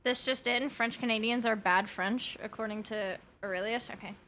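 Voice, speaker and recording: A woman's voice: fairly high pitch, steady tone, normal speed, bright, forceful tone, a little hiss or hum. A young adult woman streaming a game, chatting casually with her viewers in a rambling way, swearing often and laughing a lot.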